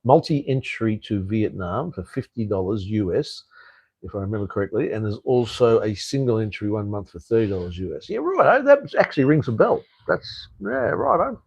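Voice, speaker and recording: Gravelly, blunt Australian man on a live stream. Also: fairly low pitch, big pitch swings, moderate pace, a little mellow, no room sound, low-quality recording. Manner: blunt, rambling, swears freely, says "mate" a lot. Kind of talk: casual live stream chat answering viewer comments.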